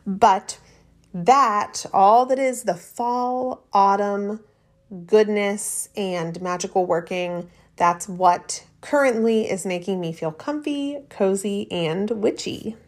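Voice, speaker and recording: A woman's voice: mid-range voice, slow. A woman hosting a podcast, talking casually and rambling on in a chatty, friendly monologue. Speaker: podcast host.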